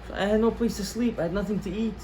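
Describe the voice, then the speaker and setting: A man's voice: high voice, steady tone, fast, mellow, slight background noise, natural voice, low-quality recording. A man voicing a young runaway son explaining where he has been. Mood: confessing.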